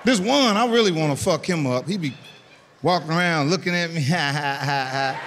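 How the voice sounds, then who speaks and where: High-voiced older man doing stand-up. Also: moderate pace. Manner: animated storytelling, acts out voices with loud outbursts. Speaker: stand-up comedian. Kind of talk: stand-up comedy set. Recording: long hall reverb, faint noise.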